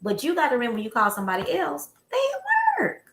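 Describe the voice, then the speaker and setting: Woman w/ chatting, bright voice, animated storyteller, echoey room. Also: fairly high pitch, fast talker. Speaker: podcast co-host. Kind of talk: casual chat.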